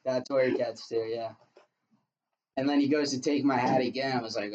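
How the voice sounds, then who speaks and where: A man telling a story in casual podcast chat, deadpan and profane, acting out what people said. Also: mid-range voice, normal speed. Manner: deadpan, profane, acts out quotes. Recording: distant, dull lo-fi mic.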